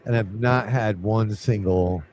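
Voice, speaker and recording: A man's voice: on the low side, measured pace, a little mellow, a little hiss or hum. A man co-hosting a paranormal trivia stream, chatting casually and telling rambling anecdotes with lots of fillers. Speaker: co-host of a paranormal trivia show. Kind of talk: casual live-stream chat, storytelling.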